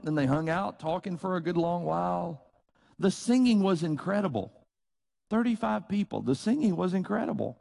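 A man's voice: sits high, lively intonation, moderate pace, gravelly, a little mellow. A middle-aged man with a Tennessee Southern accent, preaching an earnest, conversational sermon with folksy asides and acted-out bits of dialogue.

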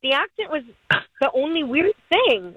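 A young woman on a radio call-in line tells her story in an excitable, chatty way. Her voice sits a little high, and the sound is dry and close. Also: normal speed, no echo, poor audio. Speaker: caller on a radio show.

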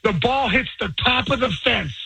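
A high, bright male voice, very rough and raspy with gravelly fry. He is a former ballplayer on a radio show, telling animated stories at full excitement. He stumbles over repeated words and slips into quick impressions of the people he quotes. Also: no room sound, soft background music, low-quality recording. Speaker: guest, former pro ballplayer.

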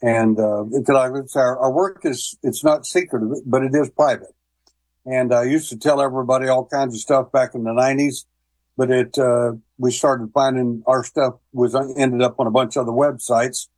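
A man's voice: medium pitch, steady tone, moderate pace, darkish tone, no room sound, rough recording. A man telling long stories as a guest on a call-in radio talk show, with many fillers and restarts. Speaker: guest, paranormal investigator. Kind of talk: casual radio interview.

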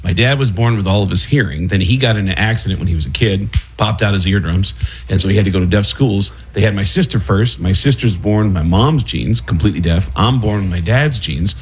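A man's voice: fairly low pitch, a little fast. A comedian telling stories in a casual radio interview, acting out the people he quotes. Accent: none, learned speech from television. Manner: storytelling, acts out the people in his stories. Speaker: comedian and guest.

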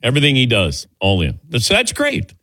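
A man's voice: medium pitch, huge pitch swings, bright, forceful tone. A middle-aged man hosting a sports talk show in a studio, chatting loosely and joking with his crew. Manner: loose, joking, reads ad copy briskly. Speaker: radio and TV sports show host. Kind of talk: casual sports radio chat. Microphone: studio microphone.

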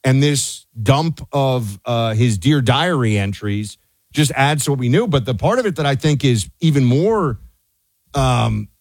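A man's voice: mid-range voice, expressive, measured pace, no echo. A male talk radio co-host, reading diary entries and ranting with rising indignation. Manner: indignant, voice rising to near-shouting.

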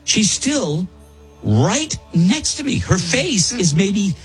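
A man's voice: high-pitched, sing-song, takes it slowly, husky, soft background music, low-quality recording. A man casually telling a story to friends on a podcast, rambling and restarting his sentences. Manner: rambling, self-interrupting, repeats words while telling.

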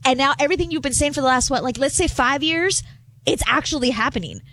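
Female radio co-host, high voice, teasing and talkative, studio mic. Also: lively intonation, a bit bright, a little hiss or hum. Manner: teasing, talkative, quick to laugh. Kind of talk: casual sports radio chat. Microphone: studio microphone.

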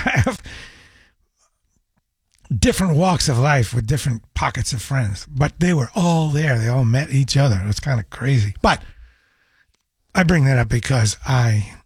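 A middle-aged man hosting a casual call-in radio show, his voice hoarse and scratchy after a cold, rambling through anecdotes. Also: mid-range voice, lively intonation, moderate pace, long pauses, no echo, studio quality. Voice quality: raspy. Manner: rambling anecdotal storytelling with restarts. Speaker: radio host. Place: radio studio. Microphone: studio microphone.

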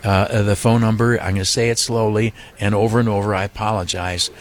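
A man with a fairly low voice pleads earnestly over a studio microphone during a live radio charity drive. He stammers, repeats himself and fills gaps with hesitations as he urges listeners on. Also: fairly even intonation, a little fast, few pauses. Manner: earnest, repetitive pleading with frequent stammers and fillers. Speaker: radio host running a hospital fundraiser.

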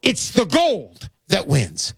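Loud pushy radio guy selling gold, high voice, real dry sound. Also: huge pitch swings, slow, vocal fry, breathy edge, no room sound. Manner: brash, pushy salesman patter. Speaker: radio show host. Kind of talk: gold sales talk show.

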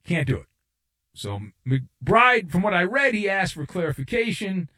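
Middle-aged guy doing sports radio, sarcastic rant, voice kinda high and all over the place. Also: big pitch swings, measured pace. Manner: sarcastic, mocking voices and rising to shouts. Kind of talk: opinionated sports talk radio monologue.

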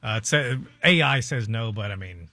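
A man's voice: lowish voice, animated, normal speed, sharp tone, no room sound. A man co-hosting a morning radio show, chatting casually with the host. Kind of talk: casual on-air banter.

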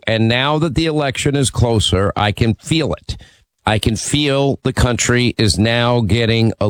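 A male talk radio host with a mid-pitched voice, speaking into a studio mic with a very dry, close sound. He talks emphatically and rallies his audience. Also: no room sound. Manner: emphatic, teasing, rallying listeners.

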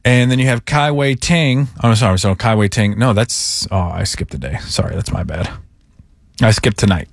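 A man co-hosting a sports talk show, animated and joking, quick to tease. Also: lowish voice, vocal fry, dry recording, clean studio sound. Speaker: sports radio co-host.

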